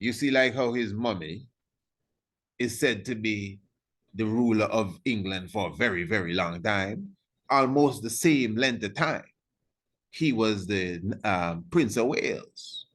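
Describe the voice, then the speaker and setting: A man's voice: on the low side, unhurried, a bit bright. A man giving an informal history lecture, emphatic and repetitive, firing rhetorical questions at his listeners and chuckling at his own remarks.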